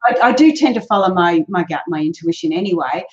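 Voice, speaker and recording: A woman's voice: fairly low pitch, animated, fast, a little mellow. A woman raised in Australia hosting a podcast in casual chat, chatty and often restarting her words. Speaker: podcast host. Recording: dull lo-fi sound.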